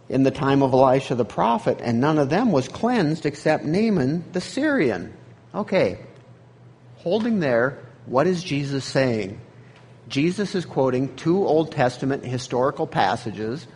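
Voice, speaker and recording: Man, preacher, sermon, husky voice, long reverb in a church hall. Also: mid-range voice, a little mellow. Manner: reads scripture aloud, then explains it conversationally.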